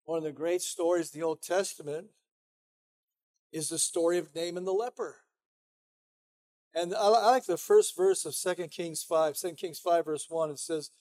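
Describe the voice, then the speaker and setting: Man, pastor, sermon, high voice, conversational, emphatic. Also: moderate pace, darkish tone. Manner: conversational, emphatic, frequent "you know".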